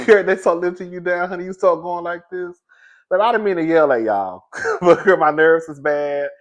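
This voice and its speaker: Male comic storyteller with a high voice, animated delivery and frequent laughter, calling everyone "girl.". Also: moderate pace. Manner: animated, laughs often, says "girl" constantly. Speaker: comedic commentator.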